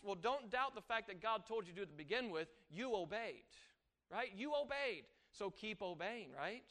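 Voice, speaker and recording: A man preaching a sermon, animated, rising and falling for emphasis and acting out quoted voices. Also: high-pitched, moderate pace.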